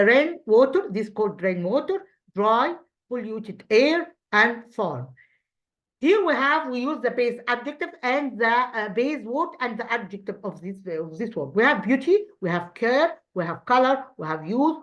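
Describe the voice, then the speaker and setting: Speaking a little high, this native Arabic speaker with an Egyptian accent teaches kids English, restarting haltingly and asking them quiz questions. The audio is muffled and lo-fi.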